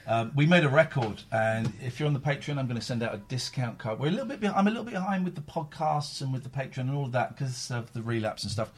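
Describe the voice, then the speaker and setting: A man's voice: mid-range voice, lively intonation, fast, few pauses, breathy edge. A tired man, host of a casual live stream, rambling and repeating himself.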